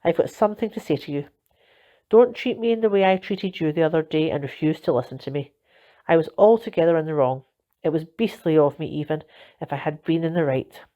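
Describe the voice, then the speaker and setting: A woman's voice: sits low, lively intonation, fairly quick. A woman voicing a mild, apologetic middle-aged uncle in a storybook reading, earnest and contrite. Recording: dull lo-fi recording.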